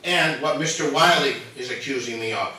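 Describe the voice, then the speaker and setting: A man's voice: mid-range voice, normal speed, sharp tone. A man giving a formal, earnest public statement at a meeting, nervous and emotional as he defends himself. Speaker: resident speaking at public comment. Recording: echoey hall from far off.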